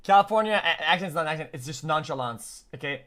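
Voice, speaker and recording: A man's voice: fairly high pitch, expressive, fast talker, sharp tone, a little hiss or hum. Blunt, stammering man from Canada. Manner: blunt, profane, stammering restarts. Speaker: streamer reacting to videos. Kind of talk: casual reaction commentary.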